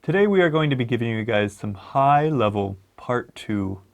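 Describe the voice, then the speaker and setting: A man's voice: medium pitch, expressive, moderate pace. A man co-hosting an English exam lesson and reading exam prompts as a mock examiner. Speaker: IELTS teacher, co-host, mock examiner.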